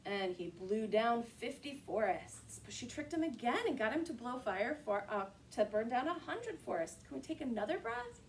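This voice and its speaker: A woman hosting a children's story time, reading a picture book aloud and leading kids through yoga poses with expressive storytelling. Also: fairly high pitch, moderate pace, hardly any pauses, distant mic, slight background noise.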